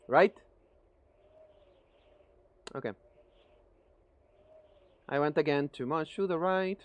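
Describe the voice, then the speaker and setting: A man streaming live gameplay commentary. He is profane and excitable, begging the game and yelling at it. His first language is Spanish. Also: on the high side, slow, long pauses, dry recording.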